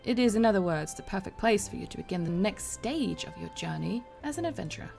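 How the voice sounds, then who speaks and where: A woman reading a formal, courtly quest-giver in a measured way over game music. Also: mid-range voice, expressive, gravelly, a little mellow. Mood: courteous.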